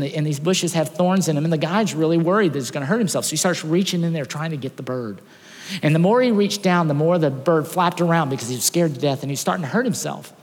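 Man preaching in an echoing church hall. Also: a little high. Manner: animated storytelling, swings from loud acted outbursts to hushed. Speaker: pastor. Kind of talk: sermon storytelling and prayer.

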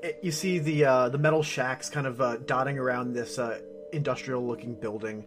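A man's voice: medium pitch, steady tone, music in the background. A man narrating as game master of a tabletop game, casual and full of fillers. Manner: casual and filler-heavy, lots of "uh" and "like", quick to laugh.

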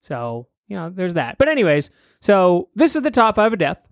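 Young dude rambling and cursing on a podcast, voice jumps all over, dry room. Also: male voice, high-pitched, wildly swooping pitch, normal speed, creaky, dry recording. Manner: rambling, profane, jokey. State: hot and sweaty. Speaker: podcast co-host. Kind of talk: casual chat, improvised storytelling.

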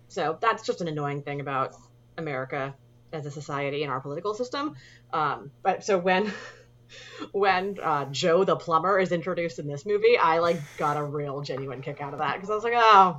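A woman's voice: low voice, moderate pace, fairly bright tone, muffled recording. A woman co-hosting a casual movie podcast, rambling with lots of fillers and restarts. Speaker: podcast co-host. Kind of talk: casual movie review chat.

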